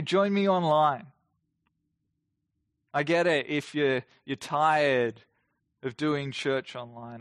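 A man's voice: a little high, no echo, studio quality. A man in his thirties preaching a livestreamed sermon in an earnest, conversational way, full of questions to the listener. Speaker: pastor. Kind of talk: online sermon. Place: near-empty room, lockdown livestream.

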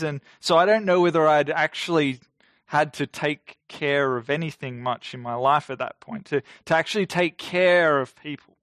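A preacher in his forties delivers a sermon in a fairly high, slightly bright voice, measured and emphatic, slowing down to stress key phrases. The recording is dry and close, with no echo.

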